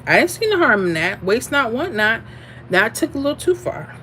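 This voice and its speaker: Sassy, animated woman livestream host. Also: a little high, brisk, slight background noise. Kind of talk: casual livestream chat reading comments.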